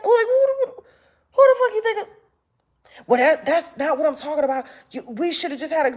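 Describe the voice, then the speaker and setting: A woman hosting an online talk show, telling stories to her viewers in a casual, animated and profane way and acting out what other people said. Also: mid-range voice. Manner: animated storytelling, acts out quotes, profane.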